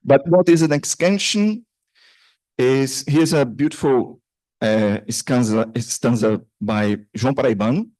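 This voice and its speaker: A man's voice: mid-range voice, a little slow, darkish tone, no echo. A man giving a conference paper talk, hesitant, with many restarts and fillers. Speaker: conference presenter. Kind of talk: academic paper presentation. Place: conference room.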